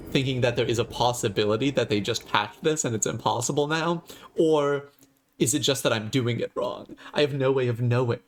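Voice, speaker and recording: Joking man streaming a game. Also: mid-range voice. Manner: joking, theatrical, profane. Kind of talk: gaming livestream commentary.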